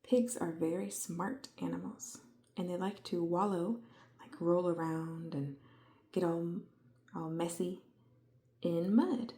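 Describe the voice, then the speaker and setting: A woman giving a calm, gentle lesson to small children, speaking softly and often half-whispering, and playfully imitating animal sounds. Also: fairly low pitch, slow pace. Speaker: children's educator.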